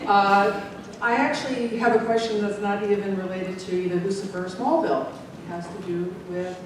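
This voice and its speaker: A woman's voice: mid-range voice, flat delivery, moderate pace. Woman fan asking question at con mic, polite, a bit flustered, distant echoey hall with hiss. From United States. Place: large convention hall. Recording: echoey hall from far off with noise.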